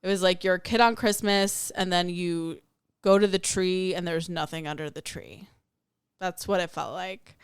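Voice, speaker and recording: Smooth, dry-sounding woman sharing spiritual reflections. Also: lowish voice, fairly even intonation, moderate pace, no room sound. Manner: candid, storytelling with acted-out quotes. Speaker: spiritual podcast host. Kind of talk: personal reflective monologue.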